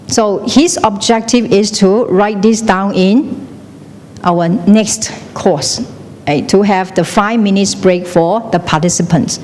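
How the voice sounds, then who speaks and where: In a long, reverberant hall with a little background noise, a middle-aged teacher lectures slowly in a medium-pitched, slightly mellow voice. She keeps questioning her class and switches between Chinese and English.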